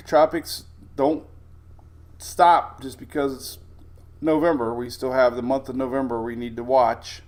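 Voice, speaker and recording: A middle-aged man hosts a live weather stream. He chats easily and greets his viewers one by one, with a lot of laughter. His voice sits at an ordinary pitch for a man. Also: steady tone, a little slow, darkish tone. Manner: chatty, greets viewers by name, laughs often. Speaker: weather livestream host. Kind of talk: casual live-stream chat.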